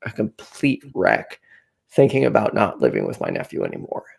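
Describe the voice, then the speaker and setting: Gravelly-voiced man hosting a call-in show. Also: lowish voice, wildly swooping pitch, moderate pace. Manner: anxious, rambling, with fillers. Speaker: host. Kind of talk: casual call-in show chat. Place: home room, packing up for a move.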